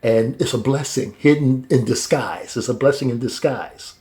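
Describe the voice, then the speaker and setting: A man teaching a casual Bible study in a colloquial, halting way, with many restarts and chuckles between points. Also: medium pitch, dark tone.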